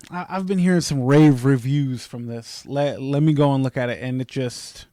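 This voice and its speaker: Rambling young man, animated and dry. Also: mid-range voice, normal speed, hardly any pauses, no echo. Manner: rambling, animated, rants with quoted asides. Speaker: podcast co-host. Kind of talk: casual chat.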